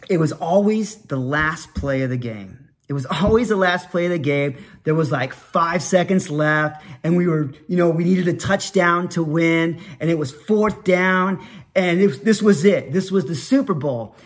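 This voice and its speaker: A man with a fairly high voice tells a nostalgic story from his childhood. He rambles and restarts his sentences, then breaks into loud, shouted sportscaster calls.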